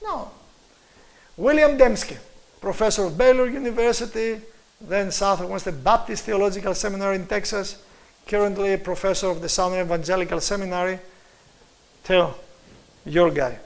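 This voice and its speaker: A man's voice: high voice, moderate pace, creaky, pauses often, low-quality recording. A man with a Greek accent giving an apologetics lecture, speaking emphatically and addressing his listeners directly.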